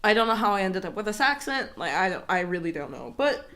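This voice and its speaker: A young woman from Iran co-hosting a podcast, with an accent that mixes British and American English, telling animated stories and swearing freely. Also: mid-range voice, fast. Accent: mix of British and American English. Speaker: podcast co-host. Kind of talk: casual chat.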